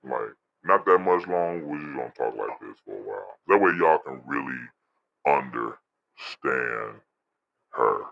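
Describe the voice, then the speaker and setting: A young man co-hosting a podcast, teasing and playful, his voice run through a pitch-lowering filter. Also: expressive, a little slow, gravelly, lo-fi sound. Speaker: podcast co-host. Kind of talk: casual chat.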